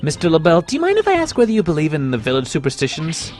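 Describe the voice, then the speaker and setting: A man's voice: on the high side, huge pitch swings, rapid-fire, darkish tone, faint music behind. Guy reading a young lawyer from a game, kinda dry and skeptical, bouncy voice. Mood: wry. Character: earnest young male defense lawyer. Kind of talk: reading game dialogue aloud.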